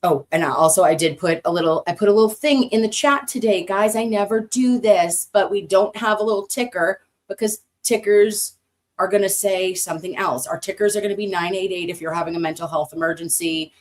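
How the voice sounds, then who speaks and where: An American woman streaming casually to her chat, animated, cursing freely, and swinging up high when excited. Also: brisk. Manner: animated, swearing, talks to chat.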